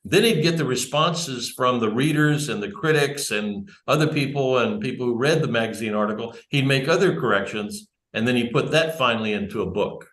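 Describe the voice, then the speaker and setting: The speaker is a man of medium pitch, a bit bright, talking a little fast with hardly any pauses. His conversational church talk is rambling, digressive and self-correcting, given to a small audience in an echoey church room.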